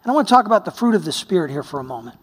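Husky high-voiced male preacher in a hall. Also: sing-song, rapid-fire. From United States. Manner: storytelling, swings between hushed and exclaiming. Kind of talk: sermon. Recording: long hall reverb.

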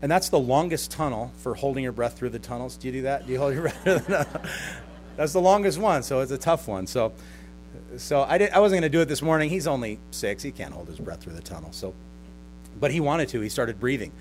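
Male pastor, mid-pitched, chatty sermon delivery with sarcastic asides, faint music behind. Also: expressive, a little fast, a little mellow. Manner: conversational, with mocking sarcastic impressions and chuckles. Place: church service with a live congregation.

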